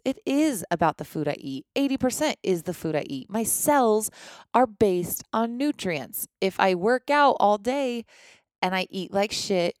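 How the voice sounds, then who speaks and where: A woman's voice: medium pitch, dry recording, clean studio sound. A woman coaching on fitness and nutrition in a motivational podcast monologue, talking earnestly and conversationally with frequent restarts and the odd swear word. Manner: occasional swearing.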